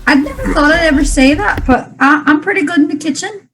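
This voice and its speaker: High-voiced woman playing a tabletop game. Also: lively intonation, fairly quick, fairly bright tone, a little hiss or hum, low-quality recording. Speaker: player. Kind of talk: tabletop role-play chat.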